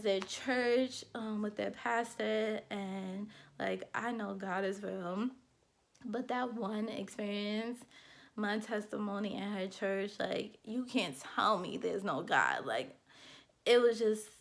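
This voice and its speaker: A woman's voice: medium pitch, creaky, a bit bright. Earnest young woman vlogging heartfelt thoughts. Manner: earnest, heartfelt, rambling with many fillers. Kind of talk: candid personal vlog.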